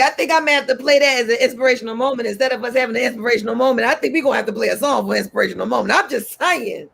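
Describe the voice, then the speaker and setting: Talk-show host, woman, gravelly and husky, animated and preachy, jumps high when she exhorts.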